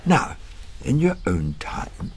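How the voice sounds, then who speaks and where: A man in his sixties playing a dry, deadpan counsellor who also chats softly to his dog. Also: mid-range voice, slow, a little hiss or hum. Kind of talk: scripted comedy dialogue.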